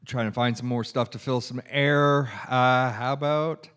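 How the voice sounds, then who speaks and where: A man co-hosting a podcast on his own, talking casually and haltingly with many pauses and restarts. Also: medium pitch, fairly even intonation, fairly bright tone, clean tone. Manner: halting, lots of ums and restarts. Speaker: podcast co-host. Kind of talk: casual solo podcast talk.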